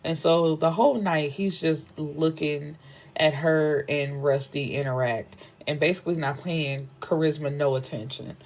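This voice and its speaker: Brief: woman book podcaster, lowish voice, lively slangy recap, curses freely. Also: a little slow. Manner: animated, slangy, swears freely, laughs at the story.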